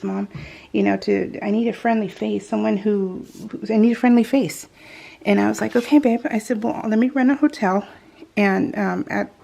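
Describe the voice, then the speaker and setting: A woman's voice: medium pitch, gravelly, darkish tone. A middle-aged woman telling a family story over a crafting video, chatty and laughing often, with many restarts. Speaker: scrapbooking vlogger.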